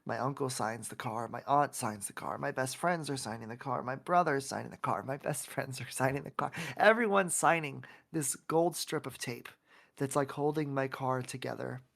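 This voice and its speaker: A man's voice: mid-range voice, normal speed, creaky, fairly bright tone. A man from Oklahoma, a self-love coach and podcast guest, telling a heartfelt personal story in a rambling way with many restarts.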